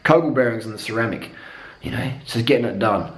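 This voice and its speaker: A man's voice: mid-range voice, fast. Profane man ranting in an echoey room. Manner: profane, blunt, excitable. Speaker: cycling vlogger. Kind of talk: casual ranting vlog.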